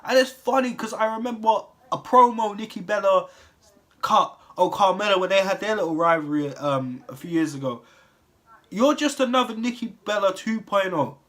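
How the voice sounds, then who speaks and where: A man's voice: high-pitched, animated, normal speed, a bit bright. A young man delivering a heated, profane rant with exasperated rhetorical questions. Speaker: wrestling commentary vlogger. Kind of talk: profane ranting monologue.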